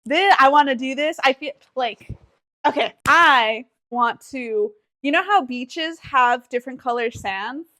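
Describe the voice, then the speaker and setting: A woman with a somewhat high voice is co-hosting a casual podcast. She talks in an easygoing way, often trailing off into fillers. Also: measured pace, pushed and bright. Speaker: podcast co-host. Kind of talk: casual chat.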